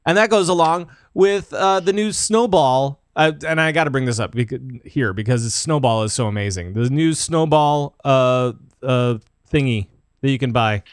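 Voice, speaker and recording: A man's voice: medium pitch, moderate pace, clear, resonant tone, no echo, clean studio sound. Rambling man chatting on a podcast. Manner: rambling, filler-heavy, laughs easily. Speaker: guest panelist. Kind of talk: casual podcast chat.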